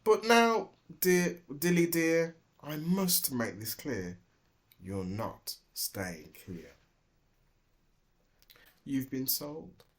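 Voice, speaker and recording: A man's voice: on the high side, big pitch swings, slow, few pauses, voice pushed up. A man voicing a cheerful but blunt male farm owner in a read-aloud storybook. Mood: firm.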